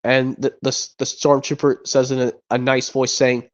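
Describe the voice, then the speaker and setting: A man's voice: medium pitch, level tone, moderate pace. A man streaming, chatting casually and rambling with frequent restarts and repeated words. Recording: dull lo-fi sound.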